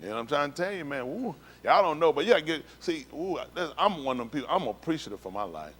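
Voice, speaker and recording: A man's voice: fairly high pitch, sing-song, fast talker, husky. Emphatic man giving street-talk testimony. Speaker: congregation speaker giving testimony. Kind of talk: personal testimony to a congregation. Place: synagogue livestream.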